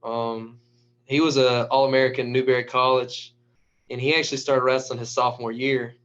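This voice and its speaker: A man, a high school wrestling coach, telling stories in a casual, animated way and acting out the lines of people in them. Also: normal speed. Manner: animated storyteller who acts out quotes. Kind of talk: casual storytelling. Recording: dull lo-fi recording.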